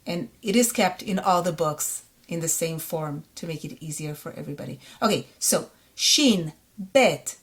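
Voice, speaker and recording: A woman with an Israeli accent teaching a reading lesson, sounding out syllables slowly and repeating each word. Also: low voice. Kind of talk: slow, patient reading lesson.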